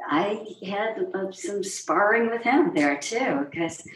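Chatty actress, roomy and distant. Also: female voice, medium pitch, very animated, takes it slowly. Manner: chatty, self-interrupting, acts out quotes. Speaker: stage actress and guest. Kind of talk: anecdotal interview storytelling. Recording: roomy echo, distant mic.

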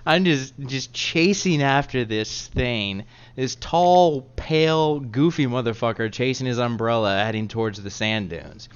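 A man on a casual podcast spins a long, crude anecdote, laughing at his own expense and swearing freely. His voice is smooth and resonant. The recording sounds a bit dull and lo-fi. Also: mid-range voice, measured pace. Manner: laughing storyteller, crude humor. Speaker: podcast co-host. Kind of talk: casual chat.

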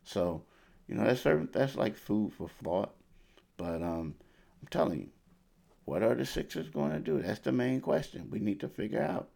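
A man's voice: medium pitch, very animated, moderate pace, gravelly, dark tone. A man hosting a sports talk show, speaking casually and conversationally, often repeating himself for emphasis. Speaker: sports podcast host.

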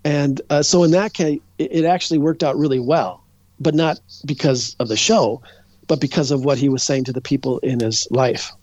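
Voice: medium pitch, normal speed, a little mellow, dry recording. A psychic guest in a casual interview tells long stories in a loose, rambling way. The speaker keeps restarting and correcting sentences and slips into quoting other people. The recording sounds dull and lo-fi, with a dry, close feel. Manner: acts out other people's words when retelling.

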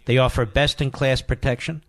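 A man's voice: medium pitch, steady tone, moderate pace, no echo. A man hosting a talk radio show, taking callers and reading ads in an emphatic manner, repeating key phrases. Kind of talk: talk radio monologue and host-read ad.

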